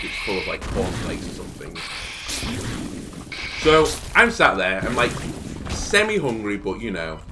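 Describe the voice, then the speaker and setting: A young man telling a rambling story, full of fillers, while he comments on his game. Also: mid-range voice. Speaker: gaming video host. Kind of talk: casual commentary while playing.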